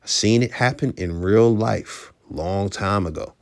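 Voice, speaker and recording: A man's voice: fairly low pitch, unhurried, a little mellow, dry recording, studio quality. A man hosting casual, slangy commentary on an old comedy clip, speaking emphatically. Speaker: commentary host.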